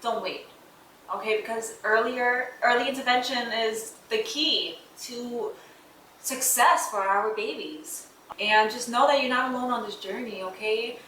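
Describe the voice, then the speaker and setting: A heartfelt woman vlogger talks to camera as a mom, chatty and warm-hearted, with a bright, forward tone. Her voice sits a little back from the mic in an echoey room with faint hiss underneath. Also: fairly high pitch, distant mic. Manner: heartfelt, chatty, many fillers like "like" and "um". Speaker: vlogger, mother of an autistic son. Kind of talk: casual talk to camera.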